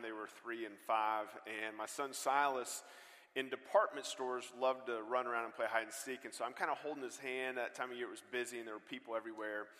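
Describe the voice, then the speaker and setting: Bright-voiced preacher man, humorous storyteller. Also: medium pitch. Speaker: guest preacher. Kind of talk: sermon with storytelling. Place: church auditorium. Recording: long hall reverb.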